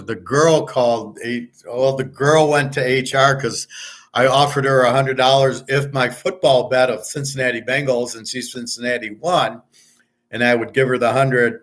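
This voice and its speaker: A man's voice: medium pitch, steady tone, moderate pace, fairly bright tone. A middle-aged American man hosting a betting show, telling stories in a blunt, profane, heated casual rant. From United States. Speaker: sports betting show host. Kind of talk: casual ranting monologue.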